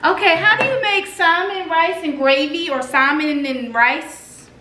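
A woman's voice: very high voice, a little slow, noisy background. A young woman vlogging casually from her home kitchen, chatting to herself as she cooks. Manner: chatty, talks to herself while cooking. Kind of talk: casual cooking vlog chat.

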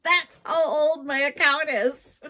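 A middle-aged woman reselling vintage goods, telling a story in a casual vlog with animated, self-mocking energy and frequent laughs. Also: high-pitched, slow pace.

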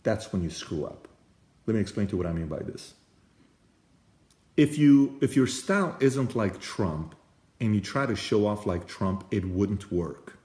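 A man's voice: lowish voice, measured pace. Emphatic man in an echoey room. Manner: emphatic storyteller, lively and direct. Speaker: host. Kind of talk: motivational talk.

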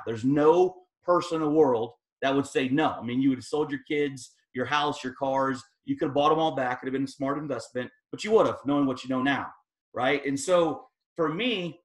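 A man giving an energetic motivational talk as guest speaker, telling his story with emphatic peaks. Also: mid-range voice. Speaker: guest speaker at team training. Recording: echoey room.

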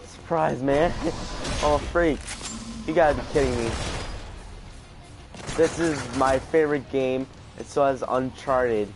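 An excitable man commenting on his gameplay for a video, panicking out loud and repeating the same exclamations over and over. His delivery is slow-paced at a mid pitch. Game music plays clearly behind him. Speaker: gaming video host. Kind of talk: casual let's play commentary.

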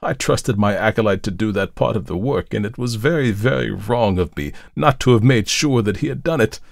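A man's voice: on the low side, a little fast, vocal fry, no echo, clean studio sound, pitched above the performer's own voice. A man voicing a kindly, distressed old priest who speaks in an anxious, pleading way. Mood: distressed, apologetic. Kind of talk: storybook narration.

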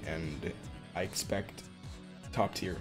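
A young man reacting excitedly to a music game, with gasps and frequent exclamations. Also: sits low, takes it slowly. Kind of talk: casual reaction commentary. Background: game music playing.

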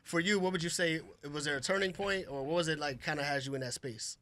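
A man's voice: fairly high pitch, fairly even intonation, pushed and bright, dry recording. A man hosting a morning radio show, asking guests easygoing questions. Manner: easygoing, fast-talking interviewer. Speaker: radio host. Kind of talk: interview questions. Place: radio studio.

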